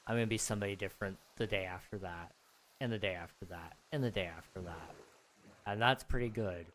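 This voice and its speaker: A hoarse man losing his voice, rambling and self-mocking while chatting casually on a livestream. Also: deep voice, a little fast, fairly bright tone, a little hiss or hum. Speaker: game streamer. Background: music.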